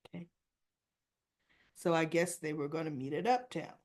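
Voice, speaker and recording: A woman giving a chatty, casual recap of a TV soap episode, often clearing her throat. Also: sits low, moderate pace, long pauses, darkish tone. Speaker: soap opera reviewer.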